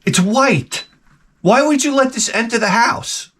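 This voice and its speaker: Guy ranting funny stories, cussing a lot, restarts mid word, super lively up and down voice. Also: extremely high pitch, measured pace. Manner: animated, profane, stammering restarts. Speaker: retro game channel host. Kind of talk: rambling comedic rant.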